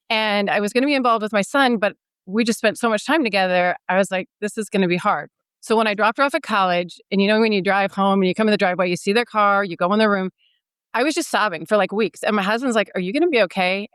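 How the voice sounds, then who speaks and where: A podcast guest in her fifties shares her story in a smooth, resonant, medium-pitched voice, talking fast. Casual and animated, she acts out remembered dialogue, and the recording is close and dry with no room sound.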